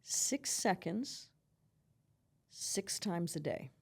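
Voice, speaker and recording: A woman's voice: lowish voice, animated, extremely slow, vocal fry, husky. A middle-aged woman, a psychotherapist giving earnest advice in a conversational podcast interview, peppering her talk with "you know" and "right?". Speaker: psychotherapist guest.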